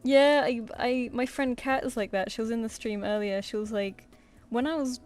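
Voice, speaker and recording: A woman's voice: fairly high pitch, normal speed, darkish tone, soft background music. A woman chatting casually as she draws on a live stream, rambling and muttering to herself between thoughts. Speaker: artist livestreamer. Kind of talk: casual chat while drawing. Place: home room.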